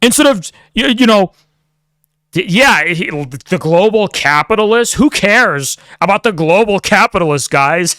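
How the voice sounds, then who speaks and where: A man's voice: high-pitched, expressive, a little slow, sharp tone, no echo, studio quality. A man streaming heated commentary, sarcastic and profane, mocking the people he talks about.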